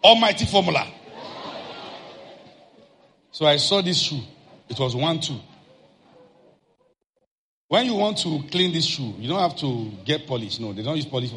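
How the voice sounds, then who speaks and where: A man preaching, telling a personal story in an animated way and acting out shouted outbursts. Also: a little high, unhurried, long pauses, slight background noise.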